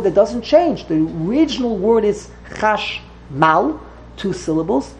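A woman's voice: mid-range voice, mellow, a little hiss or hum, rough recording. Patient woman teaching a text class. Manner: explains patiently, repeats and corrects herself. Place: classroom with students.

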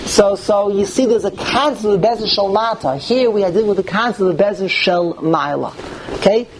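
A man's voice: high voice, fairly quick, slight background noise, rough recording. A man teaching a classroom Talmud lecture, emphatic and often restarting, putting questions to his listeners. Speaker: Torah teacher.

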